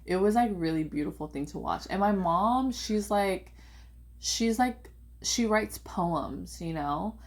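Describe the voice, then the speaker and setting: A young woman telling a personal family story in a casual, rambling way, full of "like" and animated quotes of her parents. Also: medium pitch, slow pace. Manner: rambling, heavy use of "like", animated quoting of family.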